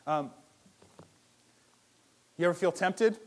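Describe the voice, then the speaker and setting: A man preaching a sermon in a lively, conversational way, firing rhetorical questions and swinging between loud and hushed. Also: high-pitched, slow pace. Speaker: pastor.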